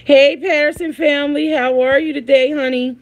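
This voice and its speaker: A woman's voice: high-pitched, fairly even intonation, moderate pace. A woman hosting a casual live stream, chatting with her viewers and reading their comments aloud, laughing often. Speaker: livestream host.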